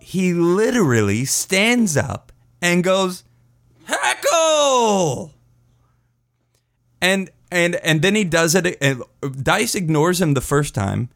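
A man with a slightly high-pitched voice tells a rambling story on his podcast. He swears freely and laughs at his own words as he goes. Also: very animated, unhurried, a bit bright, no echo, studio quality. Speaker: podcast host. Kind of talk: casual storytelling.

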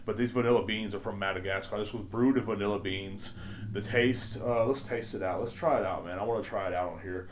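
A man's voice: fairly low pitch, a little fast, a little hiss or hum. A man hosting a podcast in casual chat, rambling and laid-back, swearing often and leaning on fillers. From Texas. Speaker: podcast host.

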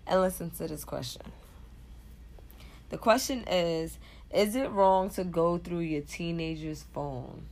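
A woman's voice: on the low side, slow pace, long pauses. Blunt, emphatic woman podcast co-host. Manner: blunt, emphatic, laughs easily, swears freely. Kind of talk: casual podcast chat.

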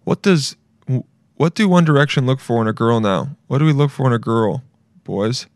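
A man's voice: mid-range voice, expressive, fairly quick, no echo. Twenties male podcast host, loose profane rambler, self-deprecating, dry close mic. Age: 20s. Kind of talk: casual solo podcast rant.

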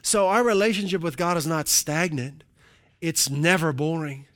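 A man preaching a sermon in an animated way, with frequent calls of hallelujah and joking asides to the congregation. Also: a little high, normal speed. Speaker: pastor.

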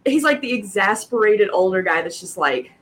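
A woman in her thirties or forties co-hosting a casual podcast chat, telling stories in a lively way and laughing often. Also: mid-range voice, normal speed. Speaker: podcast co-host.

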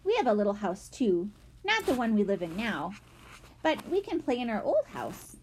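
A woman voicing an eager, excitable little boy. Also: on the high side, normal speed, a little hiss or hum, low-quality recording.

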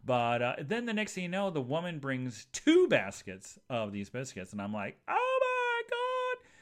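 Guy rambling thru a story on his podcast, voice jumps all over, chatty asides to listeners. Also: moderate pace. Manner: rambling and animated, jumps to high voices for quoted people. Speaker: podcast host. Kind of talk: casual monologue storytelling.

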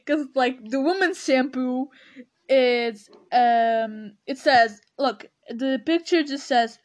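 A young woman hosting a casual podcast, reacting to products with animated commentary and frequent hard laughter. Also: high voice, takes it slowly. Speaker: podcast host.

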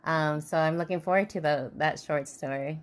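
A woman's voice: low voice, moderate pace. A woman co-hosting an interview, easygoing and encouraging in a casual chat. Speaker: co-host.

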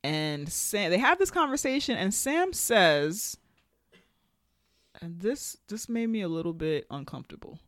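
Woman podcast co-host, animated casual talker who plays out quoted lines; mid-pitched voice, dry close recording. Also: unhurried, dry recording. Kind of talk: casual review chat.

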